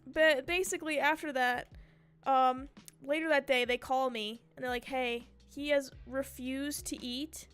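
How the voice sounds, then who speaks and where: A young woman streamer telling a story in casual chat, animated and swearing freely. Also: high voice, measured pace, clean tone. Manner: chatty and animated, swears freely, mimics her cat's screams.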